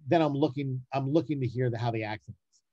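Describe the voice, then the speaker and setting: A casting director and writer chats in a casual interview, animated and emphatic, repeating words often to drive points home. His mid-range voice moves quickly, and the audio is dull but free of echo.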